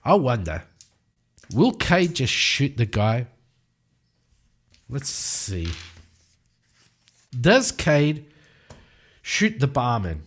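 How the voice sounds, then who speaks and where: A man's voice: mid-range voice, slow pace, long pauses. Man narrating a solo tabletop game. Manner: lively storytelling, acting out scenes.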